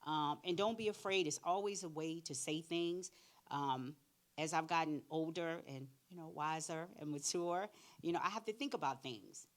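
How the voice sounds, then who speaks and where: A middle-aged woman, her voice low and full in the chest. She tells stories in an animated way, putting on the voices of the other people, and gives frank advice in a direct, plain-spoken way. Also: normal speed. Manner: animated storyteller, acts out both sides of conversations. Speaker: career readiness speaker. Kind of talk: church workshop talk with acted-out anecdotes.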